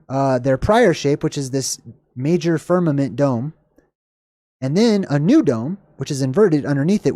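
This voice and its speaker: A slightly hoarse man talks through ideas on a livestream, loose and wandering, stopping to hunt for words and apologize. His voice sits a bit high but sounds soft and mellow. The sound is close and dry, with no room echo. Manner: searches for words, self-correcting, apologetic. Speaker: livestream host answering chat. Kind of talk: casual rambling explanation.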